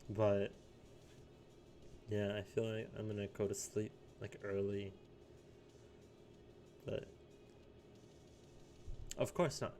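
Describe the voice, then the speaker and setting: A man's voice: on the low side, flat delivery, slow, pauses often, dark tone, soft background music. A young man in his late teens rambling casually in a solo vlog, full of fillers and little chuckles. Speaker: vlogger.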